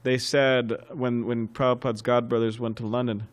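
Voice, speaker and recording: A man giving a scriptural class as a sermon, telling anecdotes in a lively way, chuckling and often restarting phrases. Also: medium pitch, normal speed. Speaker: temple class speaker. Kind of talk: sermon with storytelling.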